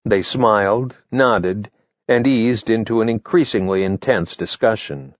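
A man narrating his memoir in a measured, matter-of-fact way, reading from a script. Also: on the low side, dry recording, muffled recording. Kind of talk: first-person memoir narration, read from a script.

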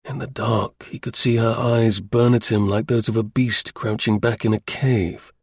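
Male audiobook narrator, husky and gravelly, measured literary delivery. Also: mid-range voice, steady tone, a little mellow, no echo, studio quality. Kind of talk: scripted narration.

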